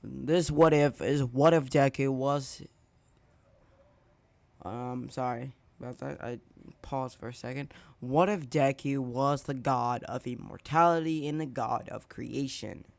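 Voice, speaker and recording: A man's voice: medium pitch, fairly even intonation, measured pace, gravelly, no echo. A man hosting his channel and narrating a fan story casually, rambling with slips and self-corrections.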